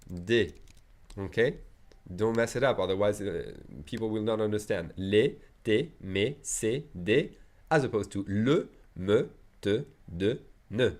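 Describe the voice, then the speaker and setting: A man teaching a French lesson, slowly modeling French phrases, adding chatty asides, and checking in with "okay?" after each point. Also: lowish voice. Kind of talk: online language lesson.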